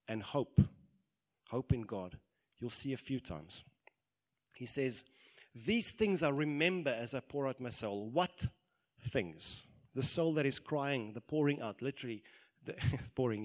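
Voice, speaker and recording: Guy in his 30s preaching, animated, acts out the quotes, gets loud when he pushes his point. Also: medium pitch. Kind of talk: sermon.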